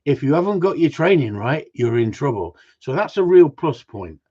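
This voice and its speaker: Blunt husky-voiced man ranting. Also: fairly high pitch, very animated, normal speed, warm tone, dull audio. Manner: blunt and ranting, with mild swearing. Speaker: gundog trainer. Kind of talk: casual livestream chat.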